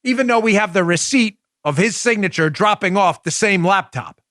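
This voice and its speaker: A man's voice: high voice, expressive, normal speed, fairly bright tone, dry recording, clean studio sound. A man hosting a political talk show, delivering an indignant, mocking monologue. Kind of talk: opinionated monologue.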